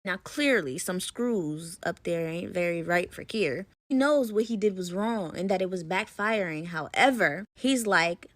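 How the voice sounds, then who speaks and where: A young woman casually telling a story to her viewers, chatty and full of fillers, sometimes dropping to a hush. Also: lowish voice, lively intonation, measured pace, few pauses, no echo. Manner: chatty, lots of "like" and "you know", drops into hushed tones. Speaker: storyteller in a short clip.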